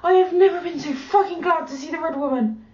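A woman's voice: very high voice, a little fast. Emotional woman reacting, roomy dull sound. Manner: emotional, swears freely, swings from hushed to shrieking. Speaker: reaction video host. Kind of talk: live reaction commentary. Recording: dull, roomy home recording.

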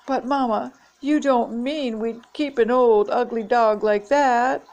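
A woman's voice: a little high, slow, a little mellow, voice pushed up. An older woman voicing a schoolboy who fancies himself an actor in a children's storybook, earnest and self-important.

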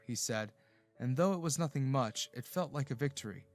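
A man narrating a first-person romance story in an expressive, emotional way. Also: mid-range voice, moderate pace, faint music behind.

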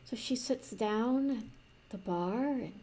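A woman improvising a fantasy story in a rambling, soft manner, with restarts and playful asides. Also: fairly high pitch, slow.

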